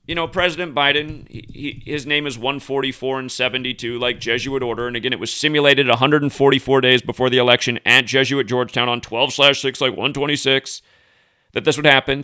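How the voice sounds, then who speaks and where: A man's voice: mid-range voice, bright, forceful tone, smooth. A man hosting a commentary monologue, talking heatedly with profanity and frequent restarts. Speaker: host.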